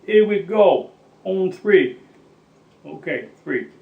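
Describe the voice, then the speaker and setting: A man's voice: high-pitched, animated, takes it slowly, gravelly, far from the mic, phone-quality sound. A man hosting a mock-serious cooking demonstration, rambling and joking with slangy asides. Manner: jokey, rambling, drops slangy "mate" and "bloody". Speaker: cooking show host.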